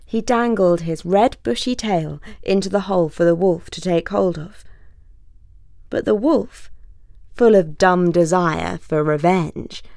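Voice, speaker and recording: A woman narrating a fable in a measured, expressive storytelling manner. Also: on the low side, no room sound, studio quality.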